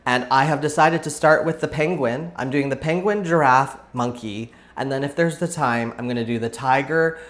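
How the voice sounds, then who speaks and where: Male vlog host, mid-pitched, chatty and rambling, mic at a distance. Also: moderate pace, hardly any pauses, fairly bright tone. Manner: rambling, talkative, thinks aloud. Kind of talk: casual chatty craft vlog. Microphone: camera set back at a distance on the table.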